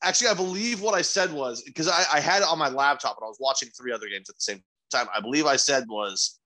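A man's voice: medium pitch, quick pace, pushed and bright, poor audio. A young man co-hosting a podcast, telling stories animatedly with exasperated, profane asides. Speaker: podcast co-host. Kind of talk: casual podcast banter.

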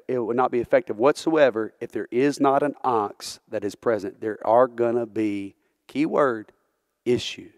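A man's voice: medium pitch, dry recording. Man, church preacher, earnest sermon, rhetorical questions, dry close sound. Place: church sanctuary.

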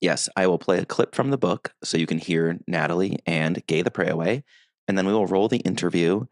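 A man co-hosts a book podcast, relaxed and working loosely from a script. His voice is very deep and sounds dry and close to the mic. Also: brisk, no room sound. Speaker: podcast co-host. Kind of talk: podcast interview.

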